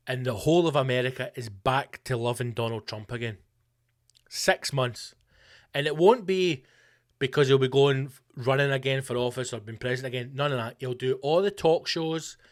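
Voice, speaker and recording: A Scottish man hosting his podcast, delivering a sweary, animated comedic rant in a conspiratorial tone. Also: medium pitch. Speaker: podcast host.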